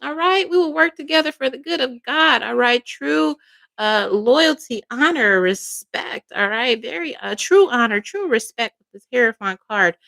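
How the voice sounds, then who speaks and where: A woman's voice: a little high, lively intonation, normal speed, gravelly, fairly bright tone. Fervent woman giving a tarot reading. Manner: emphatic, with frequent check-ins like "all right?" and "okay?"; emotional, fervent. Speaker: psychic tarot reader.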